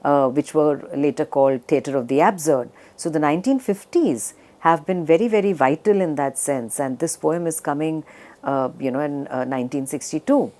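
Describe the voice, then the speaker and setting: A low-pitched woman lecturing on poetry in a measured academic way. She pauses often with small fillers and slows down to read lines of verse aloud. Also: mellow. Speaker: literature professor.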